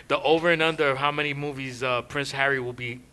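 A man's voice: medium pitch, fairly even intonation, fairly quick, pushed and bright. A man co-hosting a podcast in casual comedic chat, loose and slangy, laughing often. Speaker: podcast co-host.

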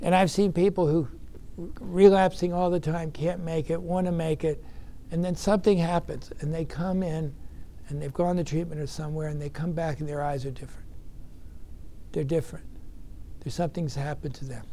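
A man's voice: fairly high pitch, fairly even intonation, normal speed, mellow, slight background noise. A man giving an earnest recovery meeting talk, telling his story with emphatic bursts. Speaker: speaker sharing recovery experience.

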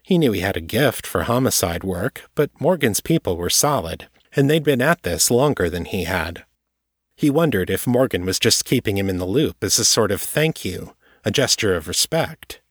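A man reading his own novel aloud in steady, measured audiobook narration. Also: on the low side, breathy edge, dry recording, studio quality.

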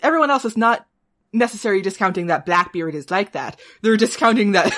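Podcast co-host, female, mid-pitched voice, relaxed recap banter, laughs often. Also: a little fast. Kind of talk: casual chat recapping a TV show.

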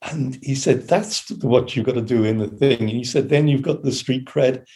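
Older man telling studio stories, mellow voice. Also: medium pitch, normal speed. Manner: animated anecdotes, acts out quotes and hums melodies. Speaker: session keyboard player telling studio stories. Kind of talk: casual storytelling interview.

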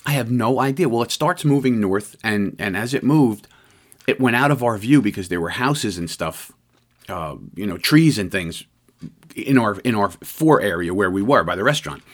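Man recounting a sighting, halting and earnest. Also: lowish voice, animated. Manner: halting, repeats words, acts out quoted lines. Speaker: eyewitness. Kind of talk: personal storytelling.

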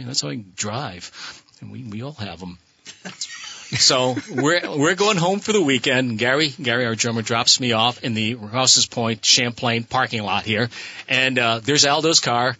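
A man, a musician guest on a radio show, telling an animated anecdote and laughing as he goes. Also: medium pitch, breathy edge, no room sound. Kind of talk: storytelling on radio.

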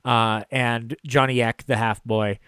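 A man's voice: medium pitch, fairly even intonation, measured pace, bright, forceful tone, smooth, no echo. A man co-hosting a casual film podcast, recapping scenes in a rambling way with lots of fillers. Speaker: podcast co-host.

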